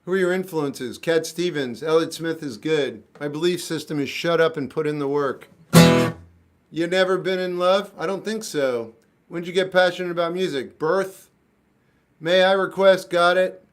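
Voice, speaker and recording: This is a man in his fifties with a slightly raised pitch who talks in a blunt, deadpan way. He gives clipped one-word answers as he reads out questions, and a faint guitar can be heard behind him. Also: moderate pace. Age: 50s. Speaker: musician answering live chat questions. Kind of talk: casual live-stream chat.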